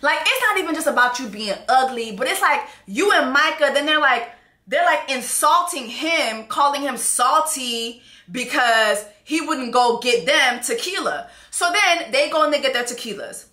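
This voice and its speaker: A woman recapping a reality dating show with brash, profane, animated commentary and mocking impressions. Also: sits high, moderate pace, roomy sound.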